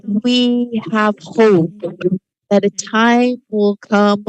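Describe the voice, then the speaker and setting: A woman delivering a measured, solemn statement at a panel event. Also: on the high side, flat delivery, no room sound, muffled recording. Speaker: panel speaker.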